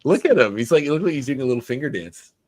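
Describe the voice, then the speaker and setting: A man's voice: mid-range voice, lively intonation, fast talker, darkish tone. A man co-hosting a podcast over a video call, joking and chatting with frequent restarts. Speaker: podcast co-host.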